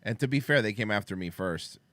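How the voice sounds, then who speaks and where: A young man chatting on a talk show, brash and profane, his bright voice swinging widely in pitch. He goes from loud bursts to low mutters. The sound is dry and close. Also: expressive, fairly quick, dry recording. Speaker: podcast co-host. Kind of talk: casual chat reacting to a video.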